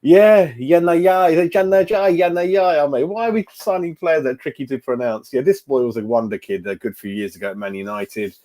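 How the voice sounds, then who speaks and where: A man's voice: medium pitch, a little fast, hardly any pauses, dark tone. A middle-aged man runs a casual fan livestream. He talks in a chatty way, greets viewers by name and often repeats his words as he goes. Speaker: fan channel host.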